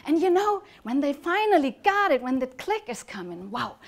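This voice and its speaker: A woman voicing a little male angel in a told story, speaking high and animated with eager enthusiasm. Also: moderate pace. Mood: enthusiastic. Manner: high, animated and bright when explaining.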